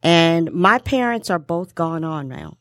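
A woman's voice: on the low side, animated, fairly bright tone, no room sound, clean studio sound. Upbeat woman hosting a podcast. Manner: upbeat, emphatic, drawn-out listing. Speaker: podcast host. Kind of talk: casual podcast conversation.

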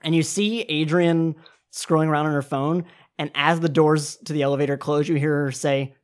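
A woman's voice: sits low, steady tone, moderate pace. A woman narrating as game master of a tabletop game in a casual, loose way. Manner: casual, filler-heavy narration.

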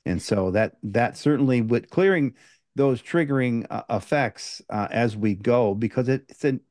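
An older man hosts the interview in a measured, reflective way, mostly answering with short nods of agreement. His tone is mellow and warm, recorded dry and close with little room sound. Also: medium pitch, no echo. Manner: brief affirmations, reflective and measured. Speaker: podcast host. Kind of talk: podcast interview.

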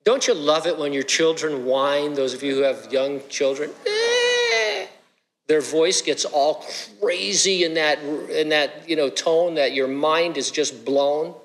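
A middle-aged male pastor preaches in a relaxed, chatty way, tossing jokes and questions to his congregation. His voice sits a little high for a man. A long reverb from the church hall trails behind his words. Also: unhurried, hardly any pauses. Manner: conversational, joking asides to the congregation. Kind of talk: sermon.

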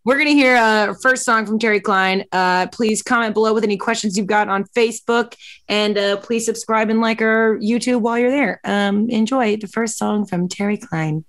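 A woman hosting a casual comedic talk show, animated and quick, often laughing through her asides. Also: medium pitch. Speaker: show host.

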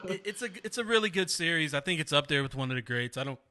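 A man's voice: on the high side, expressive, quick pace, sharp tone, no room sound, clean studio sound. A young man co-hosting a podcast, rambling and playful with lots of laughs. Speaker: podcast co-host. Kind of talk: casual chat.

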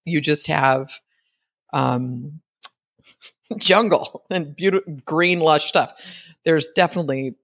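A woman's voice: sits low, takes it slowly, long pauses, no room sound, clean studio sound. A woman hosting a podcast, chatting casually and rambling as she retells a story and acts out what people said. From United States. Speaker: podcast host.

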